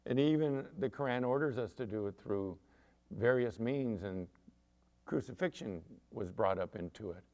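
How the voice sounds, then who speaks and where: A middle-aged pastor delivering a lively sermon with a somewhat low male voice. He tells stories, acts out the people in them, and swings from soft asides to loud emphatic points. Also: normal speed. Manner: animated storytelling preacher, acts out quoted voices.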